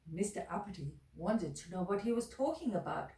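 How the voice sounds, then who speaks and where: Storyteller: a woman reading to kids with a lively, sing-song delivery, echoey room, mic at a distance. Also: fairly low pitch, a little fast.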